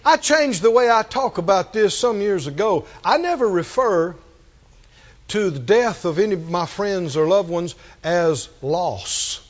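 Slow high-voiced preacher, muffled recording. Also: male voice, animated. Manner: slow, emphatic preaching that rises to high shouted refrains. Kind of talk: sermon.

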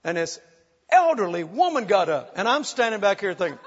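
A man with a high voice preaches in a large, echoing hall. He tells funny stories with lots of animation, acting out each quote. The recording is dull and faint. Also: a little fast, breathy edge, a faint crowd. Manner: animated, humorous, acts out quotes, laughs often. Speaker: preacher telling ministry stories. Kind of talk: sermon storytelling.

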